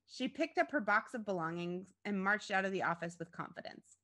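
A woman reads an interactive story aloud at a mid pitch. Her narration is playful and expressive, and she stops to pose choices to the listener. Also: brisk.

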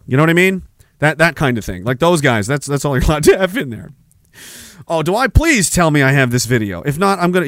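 A man's voice: fairly high pitch, fairly bright tone, dry recording, studio quality. A man from Canada hosting a podcast, ranting in sarcastic, profane, taunting political commentary. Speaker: podcast host.

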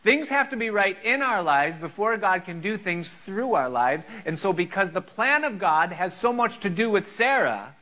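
A man's voice: high-pitched, lively intonation, normal speed, few pauses, bright, forceful tone, poor audio. A man preaching a sermon, earnest and full of rhetorical questions.

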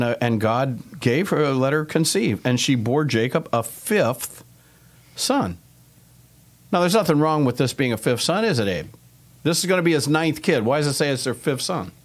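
A man's voice: medium pitch, expressive, normal speed. A man hosting a casual Bible study podcast, chatty and teasing his co-hosts.

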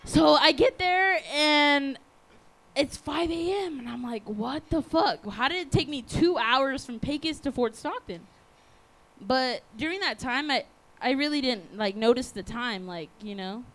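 A woman's voice: high-pitched, expressive, unhurried, fairly bright tone. A woman in her twenties from Texas with a Texan accent, a guest telling a loose, profane, rambling story on stage at a live show. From Texas, USA. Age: 20s. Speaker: audience guest.

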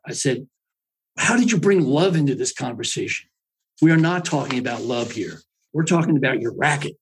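Husky-voiced man telling a wry anecdote. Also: medium pitch, rough recording. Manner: wry, teasing, lively storytelling. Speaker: storyteller. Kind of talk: comic anecdote monologue.

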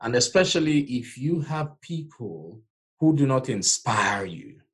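Lively Nigerian-accented male podcast host. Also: medium pitch, a little slow. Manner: emphatic, preacher-like encouragement. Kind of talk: motivational podcast talk.

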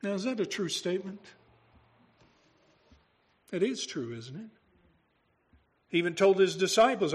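A man's voice: sits high, lively intonation, unhurried, long pauses, slightly rough. A male pastor preaching a sermon, talking through the story in a conversational way and asking his congregation rhetorical questions.

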